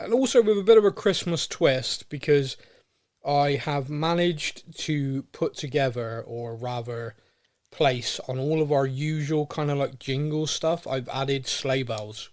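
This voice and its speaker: A young man hosting a podcast in a casual, playful chat, full of jokes and quick asides. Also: mid-range voice, dry recording, studio quality. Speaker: podcast host.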